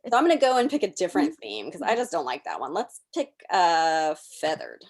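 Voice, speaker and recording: A woman presenting a workshop over a video call, explaining software step by step as she clicks through it. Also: lowish voice, wildly swooping pitch, fairly quick. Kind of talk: live software demonstration.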